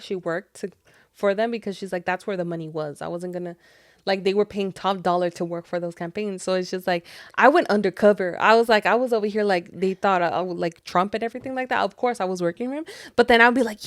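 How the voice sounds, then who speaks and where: A woman's voice: medium pitch, fairly quick, no room sound, studio quality. Chatty rambling woman podcast co-host. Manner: rambling, animated retelling with many fillers and swearing. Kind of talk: casual chat.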